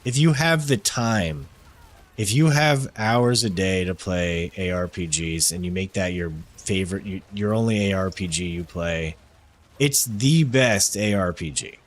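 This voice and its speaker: A man's voice: sits low, unhurried. A man streaming a game, chatting casually with his viewers and friend, rambling and swearing, joking at his own expense. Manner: rambling, profane, self-deprecating. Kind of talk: casual gaming stream chat.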